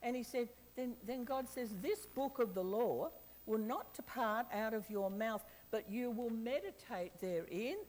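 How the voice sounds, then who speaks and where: A woman preaching a sermon, lively and chatty, often asking the audience questions and laughing. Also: a little high, a little slow, slight background noise, rough recording.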